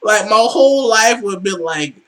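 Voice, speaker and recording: A man hosting a reaction video, excitable and profane, rambling with lots of fillers. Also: sits high, normal speed. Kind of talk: casual reaction commentary.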